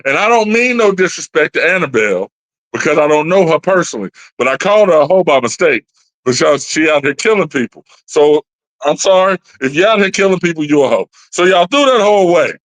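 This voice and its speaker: A man co-hosting a casual movie podcast, with a high and very expressive voice. He launches into playful, mock-serious rants. The sound is dry, with no room echo. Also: a little fast. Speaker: podcast co-host. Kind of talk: casual movie-discussion chat.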